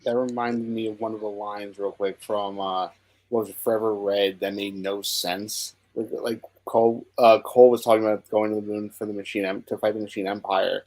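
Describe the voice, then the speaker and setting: A man's voice: lowish voice, flat delivery, normal speed, darkish tone, poor audio. A man in casual chat, easygoing and agreeable, chiming in with short reactions.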